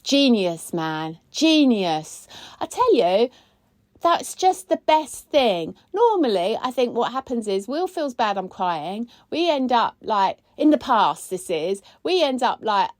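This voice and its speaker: A woman, hosting a casual weekly chat. She talks in a chatty, expressive way, and her pitch jumps high when she gets excited. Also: measured pace, no room sound, studio quality. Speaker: podcast host, spiritual coach.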